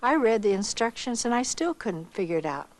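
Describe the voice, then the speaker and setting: An older woman from the United States telling a personal testimony slowly and reflectively, acting out the voices of the people she quotes. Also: a little high, very animated, rough recording. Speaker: missionary giving testimony.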